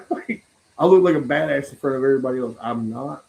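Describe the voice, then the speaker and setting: A man's voice: medium pitch, vocal fry, rough recording. A man hosting a casual talk stream, swearing often and laughing as he tells stories. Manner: profane, laughs often, animated storytelling. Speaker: podcast host. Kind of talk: casual chat.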